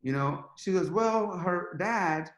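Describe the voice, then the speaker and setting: A middle-aged man, a podcast guest, telling a story in a lively, casual way and acting out the quotes. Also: high-pitched, slow, reverberant. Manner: animated, acts out quotes in a rising voice.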